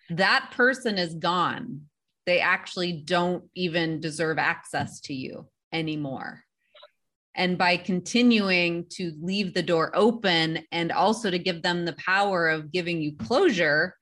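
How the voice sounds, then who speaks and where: A woman therapist on a podcast, giving advice in a calm, measured, instructive way. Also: fairly low pitch.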